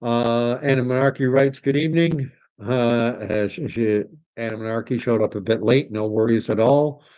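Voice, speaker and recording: A man's voice: medium pitch, fairly even intonation, normal speed, darkish tone, clean tone, lo-fi sound. A man hosting a livestream, reading viewer comments aloud in a casual, hesitant way with many fillers. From Canada. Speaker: livestream host. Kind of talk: casual live chat reading.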